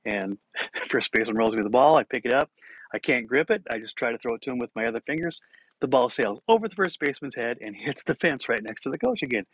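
Brief: male podcast host, chuckling storyteller, average pitch, dry close sound. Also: lively intonation, fast talker, fairly bright tone, breathy edge, no echo, low-quality recording. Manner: self-deprecating, chuckling as he tells it. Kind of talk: casual personal storytelling.

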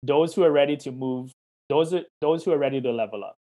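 A certified life coach answers interview questions over a video call, his fairly high voice moving at a quick pace. He's warm, casual and encouraging, talking in questions and often acting out little quoted exchanges.

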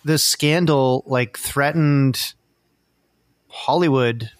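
A man co-hosting a casual talk podcast, slowly making a point with hesitant fillers. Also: medium pitch, dry recording, clean studio sound. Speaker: podcast co-host. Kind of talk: casual chat.

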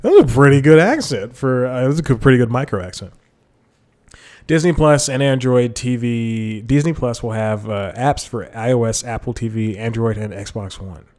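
Speaking at a moderate pace in a mid-range, darkish voice, a man hosts his own podcast by himself. He wears headphones and talks into a desk mic, rambling casually with frequent self-corrections and chuckled asides.

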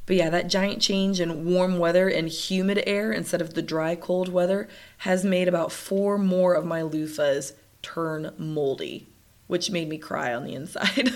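A woman hosting a casual solo podcast, chatty and upbeat, who laughs often and sounds nasal and congested from stuffed sinuses. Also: on the low side. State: congested, sniffling. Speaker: podcast host.

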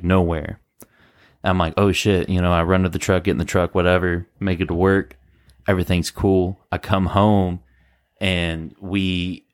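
A man co-hosting a podcast, casually telling a ghost story in a rambling, animated way, full of "like" and "bro". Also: low voice, dry recording, studio quality. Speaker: podcast co-host.

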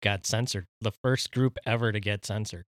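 A man's voice: fairly low pitch, steady tone, normal speed, dry recording, clean studio sound. A man co-hosting a podcast in casual banter, easygoing and reminiscing, laughing often. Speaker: podcast co-host.

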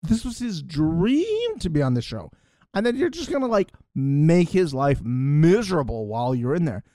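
A man co-hosts a casual podcast recapping a reality show, acting out other people's lines in mock voices and swinging his pitch animatedly for the quotes. He speaks at a normal speed in a dry recording.

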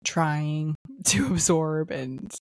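A young woman with a very low voice, co-hosting a casual podcast chat. She talks candidly and reflectively and laughs between her phrases. The room sounds dry, with no echo. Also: drawn-out words. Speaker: podcast co-host.

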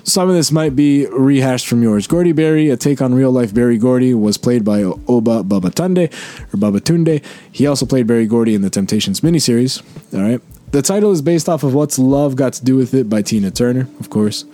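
A man's voice: mid-range voice, brisk. A man co-hosting a podcast, casually recapping a sitcom episode and reading trivia. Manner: relaxed, recaps plot then reads trivia. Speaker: podcast co-host.

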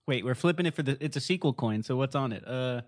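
Enthusiastic male podcast co-host, dry close sound, lively casual delivery. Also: mid-range voice, fast talker, no room sound. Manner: enthusiastic, animated storytelling. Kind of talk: casual chat.

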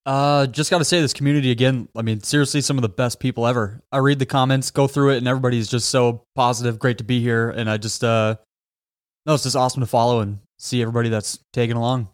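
A man's voice: medium pitch, fairly even intonation, quick pace. A man co-hosting a podcast, chatting casually, chuckling and saying "like" a lot. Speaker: podcast co-host.

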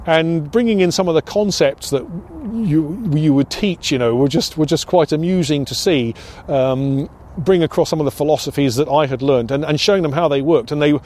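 A man's voice: fairly high pitch, moderate pace, darkish tone. An older British man, a former pilot instructor, reminiscing in an oral history interview with frequent hesitations and restarts. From United Kingdom. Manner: reflective, many restarts and hesitations.

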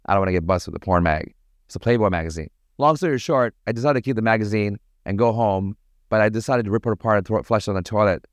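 A man from Toronto, a podcast guest telling stories in a casual, animated, slangy way. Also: fairly low pitch, fast talker, no echo. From Toronto, Canada. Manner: animated, slangy, acts out voices in his anecdotes. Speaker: podcast guest, party promoter. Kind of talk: casual storytelling.

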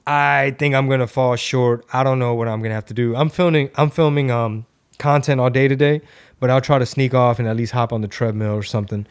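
A man's voice: medium pitch, brisk, clean tone. Casual podcast host, a man. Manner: relaxed, chatty, filler-heavy. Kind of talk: casual chat.

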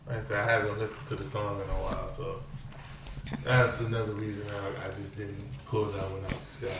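A man's voice: on the low side, flat delivery, a little fast, creaky, background noise. A man co-hosting a podcast in casual chat, with dry, sarcastic jokes. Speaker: podcast co-host. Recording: roomy with faint ambience.

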